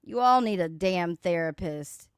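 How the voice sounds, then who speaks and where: A woman's voice: fairly low pitch, lively intonation, measured pace, clear, resonant tone, no echo, clean studio sound. A woman hosting a casual commentary livestream, mocking and swearing. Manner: sassy, mocking, swears a lot, laughs at clips. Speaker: livestream host.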